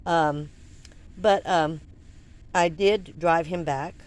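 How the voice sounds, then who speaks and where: An older woman vlogger telling a personal story in an animated, rambling way, full of restarts and asides. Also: lowish voice, extremely slow.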